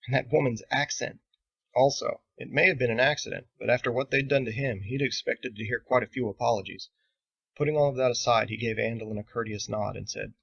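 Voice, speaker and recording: A man reading his own novel aloud in steady, measured audiobook narration. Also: mid-range voice, vocal fry, husky, highs cut off.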